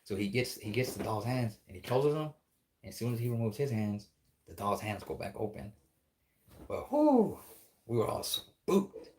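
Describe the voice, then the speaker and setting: A man's voice: on the low side, fairly quick, darkish tone, slight background noise. A man telling a spooky story in a casual, rambling, profane way, acting out the dialogue as he goes.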